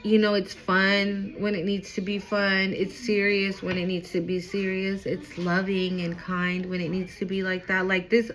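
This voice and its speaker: A woman's voice: medium pitch, rough recording. A woman giving a casual spiritual reading straight to her viewers, emphatic and chatty, with casual swearing. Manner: excitable, quick swings in loudness. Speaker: intuitive card reader.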